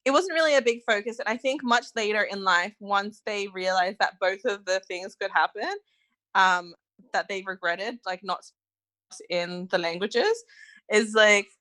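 A woman's voice: mid-range voice, a little slow, sharp tone. A young Australian woman chatting casually as a podcast co-host, rambling with lots of fillers. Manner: chatty, rambling with many likes. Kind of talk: casual chat.

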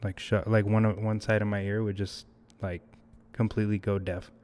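A man's voice: lowish voice, little pitch movement, moderate pace, a little mellow. A young man talking as a podcast guest, reflective and hesitant, often restarting his sentences. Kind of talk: casual conversational interview.

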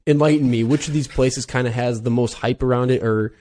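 A man hosting a podcast, asking a guest questions in loose, casual chat with filler pauses. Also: medium pitch, steady tone, darkish tone, slight background noise. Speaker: podcast host.

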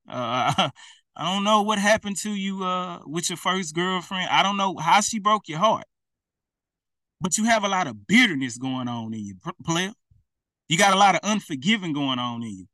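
Man preaching, high bright voice, dry room, a bit off mic. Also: dry recording, far from the mic. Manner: colloquial, repetitive, direct address. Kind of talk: informal preaching to camera.

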